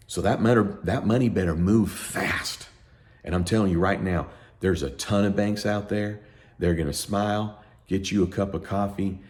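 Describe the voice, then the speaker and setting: A middle-aged accountant talking to camera in a heated, emphatic rant, sleep-deprived and worked up. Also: male voice, low-pitched. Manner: emphatic, ranting, animated. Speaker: accountant and tax educator. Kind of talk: heated unscripted talk to camera.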